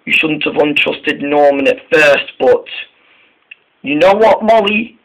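Male narrator voicing a fretful boy engine, high-pitched, pleading, words repeated, slow storybook reading. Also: lively intonation, a bit bright, low-quality recording. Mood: cross. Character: worried male diesel engine, eager to talk.

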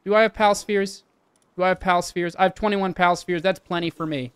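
A man's voice: high voice, steady tone, brisk, fairly bright tone, smooth, dry recording. A young man chatting casually and swearing while he streams a game and talks to his chat. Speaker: livestreamer. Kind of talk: casual live game commentary.

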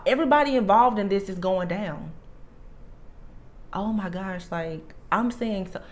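A woman's voice: medium pitch, measured pace. A woman with a Southern US accent giving a tarot reading, speaking emphatically and repeating her warnings. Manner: emphatic, repeats warnings, drawls "I'm telling you". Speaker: tarot reader. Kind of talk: channelled tarot reading to camera.

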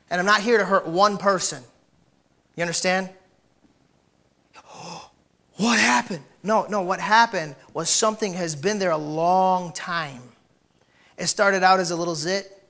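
A man preaching a sermon as pastor of a church, with shouted peaks and quiet, joking asides, often putting direct questions to the congregation. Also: sits high.

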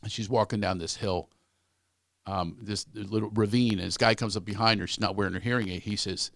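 A middle-aged man, a comedian guest on a podcast, telling comic stories in an animated way and acting out the people he quotes. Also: normal speed, no room sound, clean studio sound. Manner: animated storyteller, acts out quoted voices, big pitch swings. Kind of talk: storytelling in a podcast chat.

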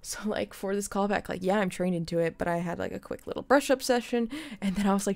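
Talking fast with vocal fry in a mid-range voice, this young gaming streamer from the United States rambles through casual let's-play commentary, laughing often as she plays.

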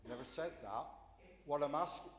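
A man's voice: a little high, normal speed. Guy, councillor pressing his point in debate, lots of uh's, big echoey chamber with a long tail. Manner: pointed, insistent, with frequent "uh" fillers. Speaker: opposition councillor.

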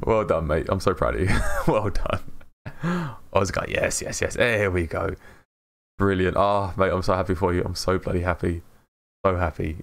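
A man's voice: low voice, lively intonation, moderate pace, gravelly. An English man live-streaming a game, chatting in an upbeat way with viewers, greeting them by name and laughing often. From England. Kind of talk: casual live-stream chat while gaming.

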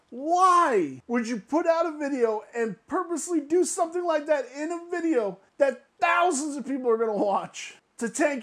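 A woman delivers an exasperated vlog rant, swearing freely and repeating phrases for emphasis. She laughs between jabs and keeps driving her point home as the channel's host. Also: sits high. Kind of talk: ranting vlog commentary.

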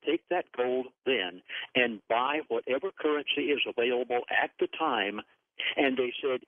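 A man's voice: medium pitch, no echo. A man guest on a call-in radio show, speaking in an earnest, grave and emphatic way over a phone line. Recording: dry, tinny phone line.

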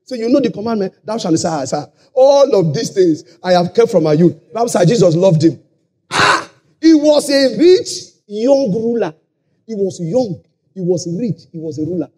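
A man with a Nigerian accent preaching a sermon, shouting key lines and lapsing into a sing-song cadence. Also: high voice, big pitch swings, moderate pace. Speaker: pastor. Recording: live conference hall.

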